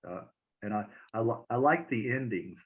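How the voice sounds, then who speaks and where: A man's voice: medium pitch, animated, normal speed, husky. A man hosting a casual interview, asking questions hesitantly with many fillers. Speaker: interview host. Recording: tinny phone-like line.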